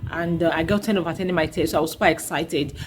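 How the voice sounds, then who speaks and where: A woman's voice: sits low, fast talker, background noise, voice pushed down, natural voice. A woman voicing a young schoolchild who answers a parent's questions in plain, matter-of-fact replies. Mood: pleased.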